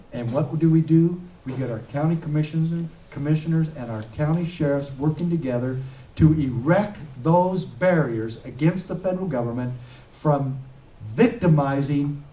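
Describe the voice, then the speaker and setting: A man, a former sheriff, giving an impassioned public speech with forceful, emphatic peaks. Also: mid-range voice, a little slow. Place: event room. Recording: echoey room heard from a distance.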